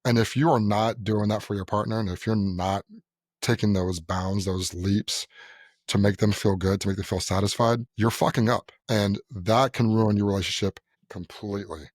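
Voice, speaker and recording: A young podcast co-host chats casually in a blunt, profane way, acting out the people in his stories. His voice is lowish with fairly even intonation at a moderate pace, captured in studio quality with no echo.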